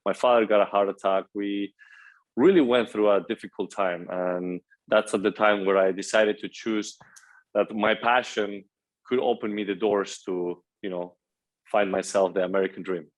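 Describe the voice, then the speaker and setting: A Spanish man in his twenties, with a fairly low, steady voice and a Spanish accent, talks at a moderate pace as a guest on a casual interview. He sounds upbeat and eager and keeps dropping "you know." The audio quality is poor.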